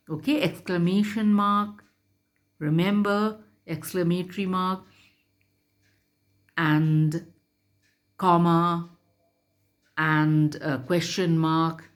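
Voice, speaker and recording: A woman teacher reading a story aloud to children and explaining it in a slow, careful, instructive way. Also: lowish voice.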